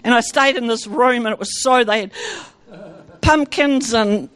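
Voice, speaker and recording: High-voiced New woman telling a testimony. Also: a little slow. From New Zealand. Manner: animated, breaks off and restarts sentences often. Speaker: speaker giving a Christian testimony. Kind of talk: storytelling testimony to an audience.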